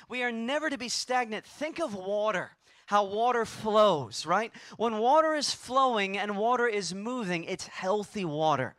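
A man preaching in a church with a high, bright, forceful voice. He is emphatic, repeats his phrases for weight and calls on the congregation to answer. The sound is close and dry. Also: animated, unhurried, no echo. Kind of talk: sermon. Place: church sanctuary.

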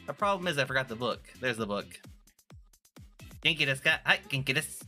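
A man's voice: medium pitch, lively intonation, brisk, bright, forceful tone, soft background music. A man chatting casually on a live stream, playful and rambling, often restarting his sentences. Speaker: vtuber streamer.

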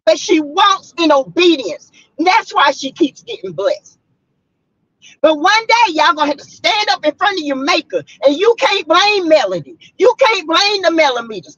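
A fairly bright, high voice with big pitch swings carries this South Carolina woman's heated rant, delivered bluntly to viewers from her car at a moderate pace. The audio is lo-fi and dull, close and dry with no echo.

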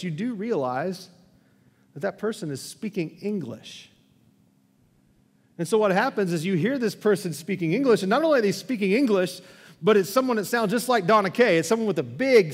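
A man's voice: high-pitched, husky. A man preaching a sermon as pastor, telling a story conversationally and often restarting his phrases. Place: church sanctuary. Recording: long church hall reverb.

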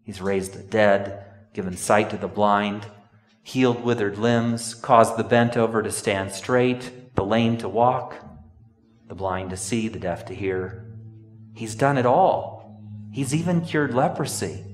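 A man's voice: lowish voice, takes it slowly, soft background music. A man preaching a sermon in a church, telling a story and breaking into sudden emphatic outbursts. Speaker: pastor. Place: church sanctuary. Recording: echoey church hall from a distance.

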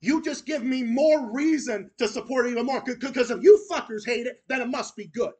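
A man's voice: extremely high pitch, a little fast, a little mellow, husky. A man hosting his own channel, delivering an angry, profane, repetitive rant that goes straight at his critics. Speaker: channel host.

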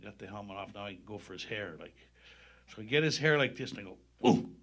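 A man's voice: on the low side, animated, fast talker, bright, forceful tone. A man, a former hockey player, telling stories on stage at a public event and laughing through the punchlines. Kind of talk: animated storytelling at a live event.

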